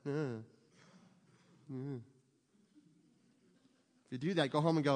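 A man's voice: medium pitch, a little slow, long pauses, a little mellow, big-room sound. A man preaching a sermon as pastor, speaking emphatically and asking his listeners rhetorical questions.

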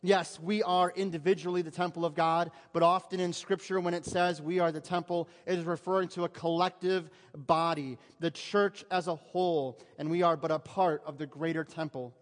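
A male pastor delivers a conversational sermon, with humorous asides to his congregation. His voice sits a little high. A long reverb hangs on every line from the church hall. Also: fairly even intonation, normal speed, few pauses. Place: church sanctuary.

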